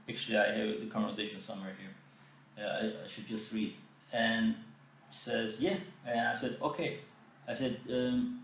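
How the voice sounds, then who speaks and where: Man, podcast host, animated and indignant storytelling, very roomy echo, sits back from the mic. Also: medium pitch, normal speed, a little hiss or hum. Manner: animated, indignant, mimics quoted exchanges. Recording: echoey room, mic at a distance.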